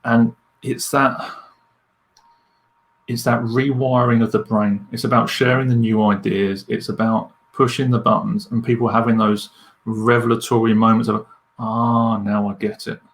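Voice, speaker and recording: A man with a gravelly, fry-edged voice at a middling pitch tells stories with candid energy. He talks as a leadership coach, sharing frank experiences in a podcast interview. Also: a little slow. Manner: candid, animated storyteller.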